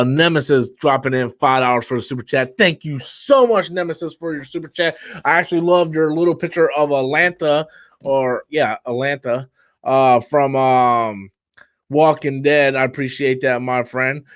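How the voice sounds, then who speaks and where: A tired man with a fairly high voice rants on his live stream in a blunt, profane way. He talks loosely and rambles, dropping casual swears as he goes. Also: no room sound.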